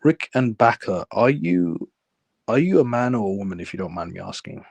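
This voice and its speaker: Man from London, live stream host, low voice, dry close mic, calm casual chat reading comments. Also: moderate pace, vocal fry, slightly rough, dry recording. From London, England. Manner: calm, low-key, reads chat aloud.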